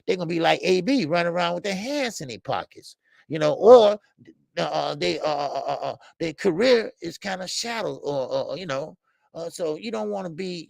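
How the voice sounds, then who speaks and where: A man's voice: a little high, creaky, dry recording, studio quality. A man hosting a live boxing talk show, speaking casually with lots of slang and filler words and greeting chat viewers by name. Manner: animated and emphatic, street slang, many fillers.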